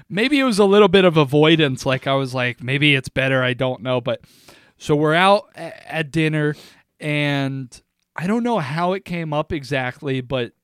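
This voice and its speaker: A man's voice: a little high, fairly bright tone, smooth, dry recording, clean studio sound. A young man co-hosting a podcast, telling rambling stories and laughing often. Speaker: podcast co-host. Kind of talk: casual chat.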